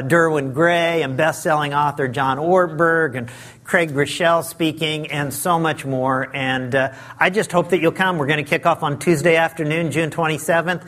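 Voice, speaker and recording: A man with a notably high, light voice addresses a church congregation as a visiting preacher. He talks in a friendly, self-deprecating way, leaning on fillers and restarts. His pitch sits a little above most men's. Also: fairly bright tone. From Southern California. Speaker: guest pastor. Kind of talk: sermon. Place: church sanctuary.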